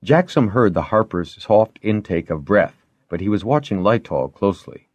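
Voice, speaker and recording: A man reading an audiobook as narrator, with expressive storytelling. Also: low voice, moderate pace, no echo. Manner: expressive storytelling, varied intonation. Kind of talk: scripted narration.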